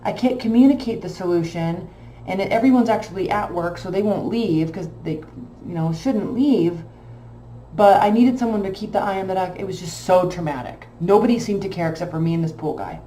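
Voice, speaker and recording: A woman casually telling a long personal story, emotional and animated, with many fillers. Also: medium pitch, brisk, roomy sound, a little hiss or hum. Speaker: tarot channel host.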